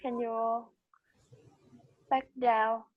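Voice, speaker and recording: A woman student in an English lesson on a video call, answering hesitantly with halting restarts. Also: a little high, level tone, no echo, phone-quality sound. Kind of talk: reading aloud and answering in a lesson.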